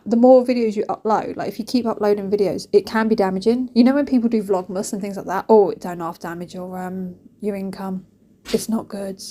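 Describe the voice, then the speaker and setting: A British woman talks her way through a day of cleaning at home, rambling from one thought to the next. Her voice is soft, mellow and a touch husky. She pokes fun at herself and drops playful asides. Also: medium pitch. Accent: British English. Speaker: cleaning vlogger. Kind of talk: chatty voice-over while cleaning. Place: home kitchen.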